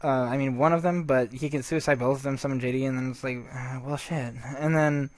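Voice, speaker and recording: A man's voice: medium pitch, steady tone, quick pace, no room sound. A man giving casual, rambling gameplay commentary, swearing freely and restarting his sentences often.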